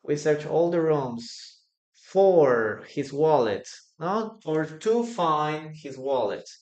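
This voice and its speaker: A man teaching English in a live online class, slowly repeating example sentences and stressing them to drill the correct pattern. He is a native Spanish speaker. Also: on the high side, expressive, darkish tone, echoey room, muffled recording. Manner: slow, repeats example sentences with raised emphasis.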